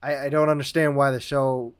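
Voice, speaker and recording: A man's voice: mid-range voice, little pitch movement, fairly quick, crowd noise. A man hosting a podcast, chatting in a laid-back way and calling others dude and man. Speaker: podcast host. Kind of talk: casual podcast chat.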